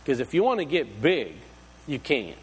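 Animated preacher in a reverberant hall. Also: male voice, mid-range voice, normal speed, breathy edge. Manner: folksy, animated preaching with rhetorical questions. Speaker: pastor. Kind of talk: sermon.

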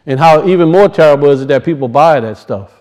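A man's voice: a little high, lively intonation, quick pace, a little mellow, low-quality recording. A man preaching a sermon, emphatic and repetitive, firing off rhetorical questions to his congregation.

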